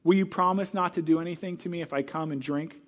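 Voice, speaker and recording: A man's voice: a little high, fairly even intonation, fast, lightly acted. A man voicing a scared, thirsty young girl in a story told during a sermon, speaking hesitantly and pleadingly. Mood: timid.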